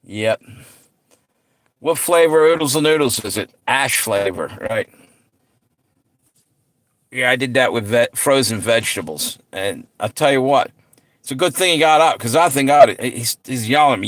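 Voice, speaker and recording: A man's voice: medium pitch, moderate pace, fairly bright tone, no echo. Laid-back, cussing middle-aged man. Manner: laid-back, swearing, laughing storyteller. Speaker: livestream host. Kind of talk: casual chat with viewers.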